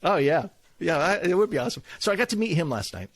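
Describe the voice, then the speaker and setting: A man's voice: fairly high pitch, sing-song, fast talker, no room sound. A man in his forties co-hosting a casual podcast, rambling with restarts and laughs. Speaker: podcast co-host.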